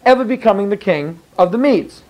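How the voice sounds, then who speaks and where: A man's voice: high voice, expressive, a little fast, highs cut off. A man voicing a boastful, rich ancient king who gloats and takes offense. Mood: gloating. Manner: gloating, indignant.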